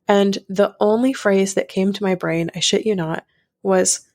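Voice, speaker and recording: A young adult woman, a podcast guest, telling her story in a frank, animated conversational way with many fillers. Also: medium pitch, unhurried.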